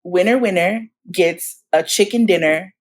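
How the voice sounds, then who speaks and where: A woman in her forties telling stories in casual chat as a guest, animated and laughing often, acting out the voices of people she quotes. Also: on the low side, unhurried, a little hiss or hum. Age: 40s. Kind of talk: casual storytelling.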